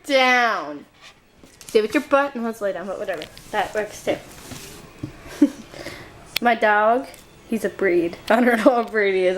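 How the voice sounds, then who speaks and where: A young woman filming a casual home video of her dog, giggling, cooing and scolding him. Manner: giggly, scolds and coos at her dog, goes shrill when excited. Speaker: dog owner vlogger. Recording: noisy home camera recording.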